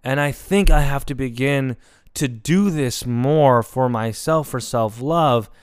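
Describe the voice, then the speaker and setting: A man's voice: medium pitch, takes it slowly, clear, resonant tone, dry recording, studio quality. Candid, rambling man hosting a solo podcast. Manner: candid, rambling, swears casually. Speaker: podcast host. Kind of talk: solo reflective monologue.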